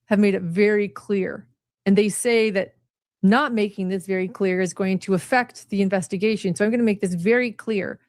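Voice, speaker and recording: A woman's voice: mid-range voice, darkish tone, no room sound, clean studio sound. A woman speaking firmly on a livestream, emphatically explaining. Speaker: true crime livestreamer. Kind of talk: livestream commentary.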